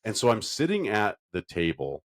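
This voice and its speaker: A man co-hosting a podcast in casual chat, telling stories in an animated way and jumping into a high silly voice now and then. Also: normal speed. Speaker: podcast co-host.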